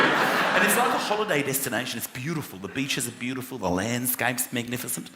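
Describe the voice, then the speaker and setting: A man doing a stand-up comedy routine, animated, slipping into other voices and shouting punchlines. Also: medium pitch, fast, noisy background. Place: large venue with a live audience. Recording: echoey live hall with loud crowd laughter.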